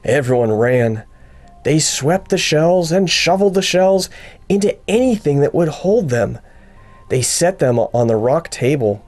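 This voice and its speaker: A man narrating a children's storybook in an expressive, unhurried reading. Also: a little high, faint music behind. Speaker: audiobook narrator.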